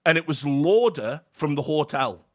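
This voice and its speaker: A man's voice: fairly high pitch, animated, normal speed. A British man on a podcast, telling a story in casual chat, swearing freely and restarting his sentences. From Britain. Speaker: podcast guest.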